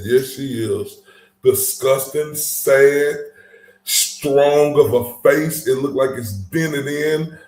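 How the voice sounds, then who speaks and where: A man's voice: mid-range voice, animated, takes it slowly, gravelly, darkish tone. Angry profane man ranting in an echoey room. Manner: profane, angry and emphatic, stumbling restarts. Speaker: commentary channel host. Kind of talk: heated casual commentary.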